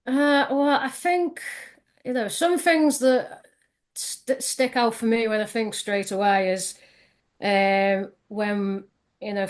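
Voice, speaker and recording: Woman, soft Scouse accent, lilting and chatty, guest in a relaxed interview. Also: medium pitch. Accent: soft south Liverpool Scouse. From Liverpool, England. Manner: sing-songy, chatty, many fillers. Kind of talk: casual interview chat.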